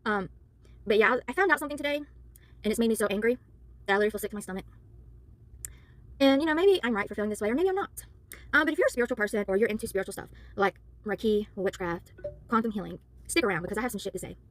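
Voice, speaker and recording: This tired woman, a spiritual worker who reads tarot, rants heatedly at the camera and apologizes for raising her voice. Her medium-pitched speech is rapid-fire but pauses often, and there's no echo.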